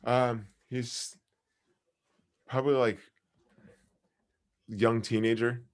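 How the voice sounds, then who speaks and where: A man's voice: mid-range voice, level tone, extremely slow. A man telling rambling stories in casual podcast chat, full of fillers and restarts. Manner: rambling, fillers, lots of "dude" and "like".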